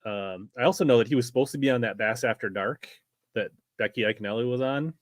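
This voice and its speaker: A man's voice: medium pitch, fast talker, no room sound. Easygoing man host, dry close sound. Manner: easygoing, filler-heavy, critical. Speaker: channel host. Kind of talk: casual chat.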